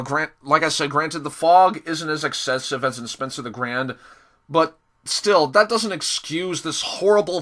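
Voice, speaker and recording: A young man giving a casual spoken episode review, sarcastic and exasperated, often pausing and restarting. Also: on the high side, sharp tone. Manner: hesitant, many fillers and restarts.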